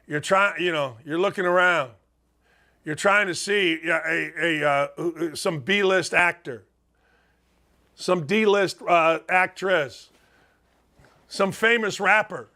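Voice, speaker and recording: The host of a sports talk show, an older man from Gary, Indiana, speaks slowly with long pauses. His voice is high and bright, his style emphatic and folksy, and he keeps straying into tangents.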